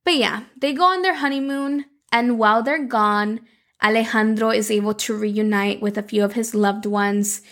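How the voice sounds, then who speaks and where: A woman hosting a podcast, recapping a story in a chatty, expressive way and slipping in Spanish words. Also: a little high, moderate pace. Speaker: podcast host.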